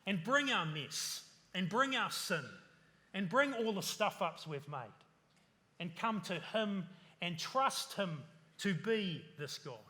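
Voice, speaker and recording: A man preaches with a high, bright, ringing voice, earnestly stacking lists and asking his listeners rhetorical questions. His words trail into a long reverb, as in a church hall. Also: animated, slow. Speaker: pastor. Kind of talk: sermon.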